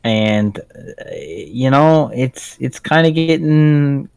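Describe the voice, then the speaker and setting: A man's voice: medium pitch, lively intonation, takes it slowly, creaky, darkish tone, smooth, no echo. A young man about to go back to school, chatting in a joking way with many fillers. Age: young adult. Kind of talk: casual chat.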